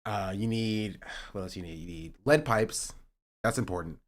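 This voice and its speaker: A young man streaming live, chatting casually and joking sarcastically, and he sometimes rises into an animated rant. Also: fairly low pitch, normal speed. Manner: joking and sarcastic, reading chat aloud; rising to animated ranting. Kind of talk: casual livestream chat.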